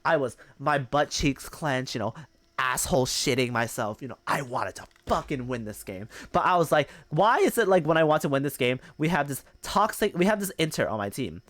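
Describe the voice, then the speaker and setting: A man's voice: fairly high pitch, lively intonation, moderate pace, a bit bright, no room sound. A male streamer telling a gaming story in casual, profane chat, mocking the people he quotes.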